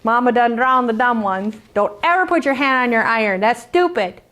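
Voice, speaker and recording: A woman's voice: a little high, normal speed, a bit bright. A woman who designs quilt patterns, giving a chatty hands-on craft demonstration, sassy and joking and playfully boastful.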